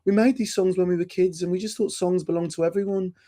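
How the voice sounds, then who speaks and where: A man's voice: sits high, fairly even intonation, quick pace, mellow, a little hiss or hum, voice pushed up, natural voice. A man doing a wistful old Scouse rock star. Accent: Scouse (put on). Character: impression of an aging male rock star with a Liverpool accent.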